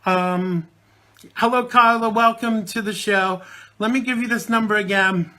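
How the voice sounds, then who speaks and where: A man's voice: high-pitched, steady tone, unhurried, bright, forceful tone. A man hosting a live call-in show, chatting casually and greeting listeners one by one with jokes. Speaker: radio show host.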